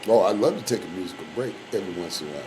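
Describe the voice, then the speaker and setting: A man's voice: low voice, animated, racing, background noise. A man hosting a live community radio show in a loose, casual way, rambling with lots of fillers. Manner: rambling, filler-heavy, shout-outs.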